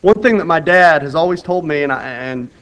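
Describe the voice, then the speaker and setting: A man preaching in an earnest, conversational manner, his voice sitting a little high for a man. He often circles back and restarts his phrases. His delivery swings between loud bursts of urgency and soft, quiet emphasis. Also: expressive, a little fast, smooth, poor audio. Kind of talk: sermon with Bible reading.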